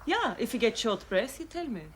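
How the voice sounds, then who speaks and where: An actress playing a firm but kind German hospital nurse, speaking broken English with a German accent. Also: female voice, on the high side, very animated, brisk, a little hiss or hum. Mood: earnest. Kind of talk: television drama acting.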